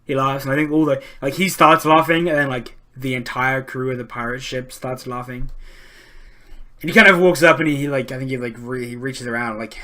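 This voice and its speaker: A male game master narrating an online tabletop session, pausing often and reaching for words. His voice is bright and forward, with a middle pitch. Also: fairly even intonation. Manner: hesitant, full of likes and ums.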